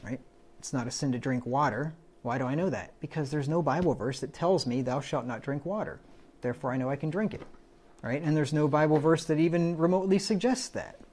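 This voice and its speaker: Delivering a Bible-study sermon in a conversational style, this man speaks fairly quickly in a slightly high, slightly mellow voice. He quotes scripture aloud and often checks in with the room by asking "right?"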